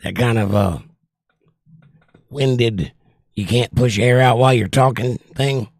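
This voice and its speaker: A man's voice: mid-range voice, slow pace, vocal fry, dry recording. A man hosting a casual livestream, reading viewer comments aloud and joking back, his voice strained and short of breath. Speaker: livestream host reading chat. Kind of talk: casual chat.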